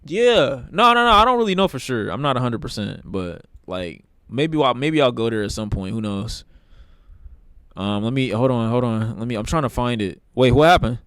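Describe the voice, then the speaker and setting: A man's voice: medium pitch, lively intonation, normal speed, a bit bright, clear, resonant tone, no echo. Blunt, profane male streamer, dry sound. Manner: profane, blunt, rambling trash talk. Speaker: streamer reacting to videos. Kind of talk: casual stream commentary.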